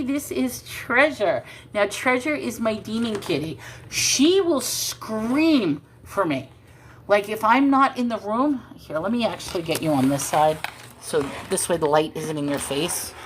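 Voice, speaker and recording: A woman's voice: on the high side, lively intonation, measured pace, slight background noise. A woman hosting a casual livestream from home into her phone, rambling to viewers and chatting to her cat. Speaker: livestream host.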